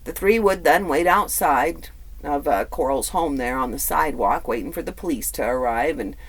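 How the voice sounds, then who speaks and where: A man's voice: fairly high pitch, normal speed, fairly bright tone. A man hosting a true crime podcast, telling the story in a casual, conversational way with blunt, profane asides and lots of fillers. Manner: filler-heavy, repeats words.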